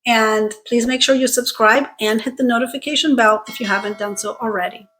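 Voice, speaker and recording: A woman teaching English pronunciation, slowly and clearly modeling sounds and words for learners to repeat. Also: on the high side, steady tone, a bit bright, slight background noise. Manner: slow, clearly articulated drilling of words. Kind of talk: pronunciation lesson with repeat-after-me drills.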